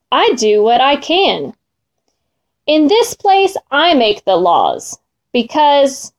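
A boastful male lion king chants his rhymes in a steady storybook beat, as a woman puts him on. The voice sits high and swings widely up and down. The delivery is slow and deliberate. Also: full character voice. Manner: rhythmic chanted verse. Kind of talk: storybook reading.

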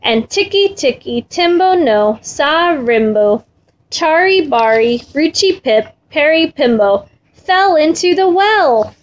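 A woman reading a children's story aloud in a gentle, rhythmic way, repeating phrases. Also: high-pitched, lively intonation, slow, dull audio.

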